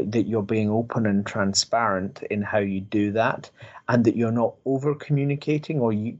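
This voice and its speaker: A man hosting an interview, thoughtfully summing up his guest's points in a measured way. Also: lowish voice. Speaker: podcast host from a recruitment industry body. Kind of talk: conversational interview.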